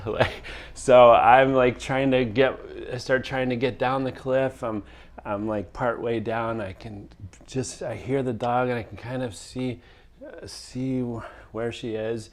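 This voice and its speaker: A man's voice: mid-range voice, unhurried. A man hosting a casual chat show, telling a long story with lots of laughs and restarts. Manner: rambling storyteller, laughs often. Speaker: podcast host.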